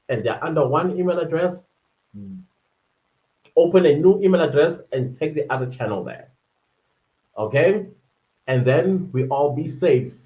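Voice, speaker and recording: A man chats through a livestream, reading viewer comments aloud and laughing easily between them. His voice sits slightly higher than most men's. The audio is muffled, like a lo-fi stream. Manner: chatty and warm-hearted, often laughing, quick shifts up in pitch. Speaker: livestream host.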